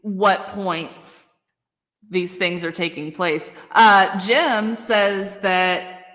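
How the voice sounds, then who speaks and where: A woman's voice: mid-range voice, steady tone, very slow, fairly bright tone, in a large hall. A woman hosting a casual true-crime chat, effusive and blunt, swearing casually. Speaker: podcast host.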